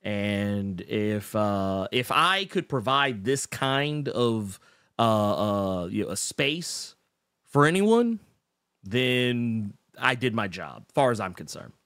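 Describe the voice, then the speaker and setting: Man, livestream host, lively up-and-down pitch, rambling, dry close sound. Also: slow, clean tone, no echo. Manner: rambling, self-interrupting, emotional. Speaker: podcast host reading live chat. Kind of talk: casual livestream chat.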